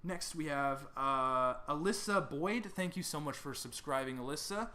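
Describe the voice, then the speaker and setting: A young man thanking subscribers one by one in casual chat, reading names haltingly and stumbling over pronunciations. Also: a little high, lively intonation, sharp tone.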